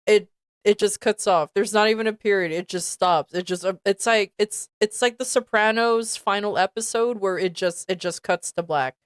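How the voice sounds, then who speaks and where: A woman's voice: medium pitch, moderate pace, clean tone, no echo, clean studio sound. A young woman streaming, reading aloud and reacting in disbelief while often breaking into giggles. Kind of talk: casual live-stream reading commentary.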